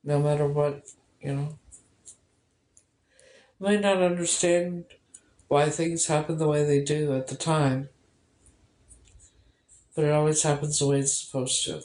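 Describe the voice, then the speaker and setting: A woman's voice: deep voice, fairly even intonation, a little slow, long pauses, darkish tone. A woman vlogging in casual personal chat, rambling and emotional, swearing often. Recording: echoey room.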